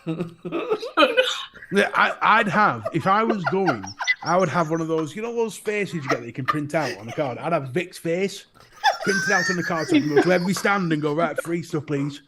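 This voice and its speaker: A man's voice: high-pitched, wildly swooping pitch, moderate pace, very noisy. A man co-hosting a casual podcast chat, teasing the others with crude jokes and laughing often. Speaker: show co-host.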